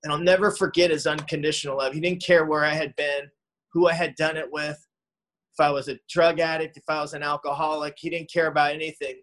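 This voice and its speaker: A middle-aged man sharing his recovery story from his living room, earnest and heartfelt, halting with many fillers and restarts. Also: on the high side, little pitch movement, fairly bright tone, slight background noise, rough recording. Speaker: speaker at a recovery meeting.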